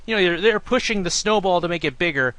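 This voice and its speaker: Ranting bright-voiced man talking football. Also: high-pitched, quick pace, no room sound. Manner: ranting, profane, animated. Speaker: podcast host. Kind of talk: casual sports talk.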